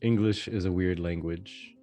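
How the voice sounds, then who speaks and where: Low, mellow-voiced man co-host, spins long animated gaming stories. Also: soft background music. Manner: animated storyteller, drawn-out explanations. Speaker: podcast co-host. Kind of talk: casual gaming chat.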